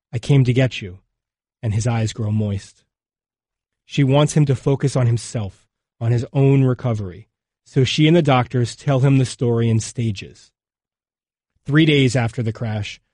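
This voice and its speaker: A man narrates a documentary in a measured, somber voice at a middling pitch. The sound is close and dry, with no room around it. Each sentence is weighed and left to settle before the next one. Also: a little mellow, no echo. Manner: measured, somber, unhurried delivery.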